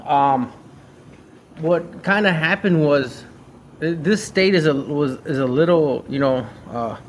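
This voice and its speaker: A man's voice: a little high, slow pace, a little hiss or hum. A man who runs a mobile mechanic business, talking bluntly in a casual chat and acting out conversations with customers. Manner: blunt, slangy, acts out conversations. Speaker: mobile mechanic and former shop owner.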